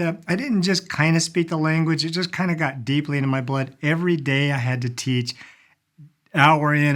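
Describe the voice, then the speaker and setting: A man giving a casual video lesson on polite phrases, chatty, explaining slowly and repeating words for practice. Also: a little high, a bit bright. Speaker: language teacher.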